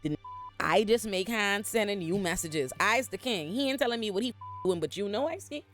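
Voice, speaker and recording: A whiny young king with a bruised ego shrieks his complaints, as a man puts him on. The voice climbs high and swings wildly while he rants. Faint music sits under it. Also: lively intonation, fairly quick, a bit bright. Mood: indignant. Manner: shrill indignant ranting.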